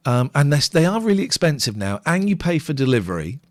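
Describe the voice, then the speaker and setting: Brief: male co-host, casual late-night stream chat, animated delivery, dry close mic. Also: on the high side, fairly quick, no room sound. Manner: chatty, wry, reads out tips and comments. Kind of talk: casual chat, reading out viewer comments.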